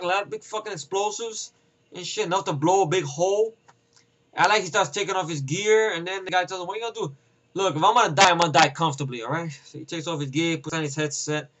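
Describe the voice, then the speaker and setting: A man giving a casual, rambling film review, profane and excitable, acting out scenes with voices. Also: high voice, rough recording. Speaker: movie reviewer.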